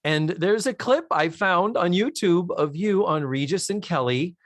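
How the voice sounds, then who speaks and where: A man co-hosting a podcast, asking a guest casual questions and reacting with quick exclamations. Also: high voice, animated, no room sound, studio quality. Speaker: podcast co-host.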